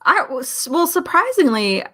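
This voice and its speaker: A woman's voice: high-pitched, a little slow. Chatty woman guest telling stories. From Philadelphia. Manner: chatty, animated anecdotes with quoted dialogue. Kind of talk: casual storytelling chat.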